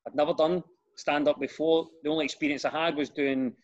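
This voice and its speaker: A middle-aged man with a Glaswegian accent, telling stories in a casual chat as a comedian guest, self-deprecating and quick to laugh. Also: on the high side, steady tone, highs cut off. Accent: Scottish, Glaswegian.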